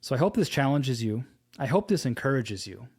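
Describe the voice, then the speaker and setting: A man giving a devotional teaching, telling a personal story slowly and earnestly and quoting scripture. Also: medium pitch, big pitch swings, darkish tone, slightly rough. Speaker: preacher.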